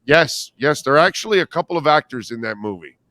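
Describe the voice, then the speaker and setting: A man hosting a sports radio show, chatting casually with a guest, joking around with animated bits and calling people "bro". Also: fairly high pitch, fast talker, dry recording.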